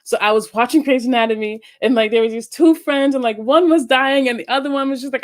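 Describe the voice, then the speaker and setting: A woman's voice: high-pitched, fast talker, hardly any pauses. A woman hosting her own podcast, chatting casually and playfully, laughing often and swearing freely. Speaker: podcast host. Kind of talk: casual solo podcast chat.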